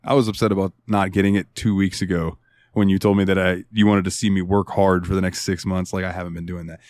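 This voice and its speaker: A man's voice: low voice, little pitch movement, fast, a little mellow, no room sound, clean studio sound. A man co-hosting a gaming podcast, telling rambling, profane stories in casual chat. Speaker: podcast co-host.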